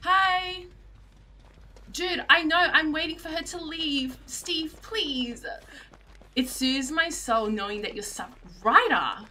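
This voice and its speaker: A young woman, streaming herself playing a game and reacting in a panicky, excitable way. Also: sits high, slow pace. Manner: excitable, panicky, often shrieking and laughing. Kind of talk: live gameplay commentary.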